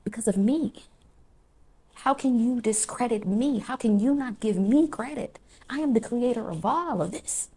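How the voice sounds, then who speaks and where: A woman's voice: fairly high pitch, normal speed, dark tone, breathy edge, voice pushed up. A woman voicing God as he rebukes a straying believer, emphatic and repeating phrases for weight. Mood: stern, rebuking.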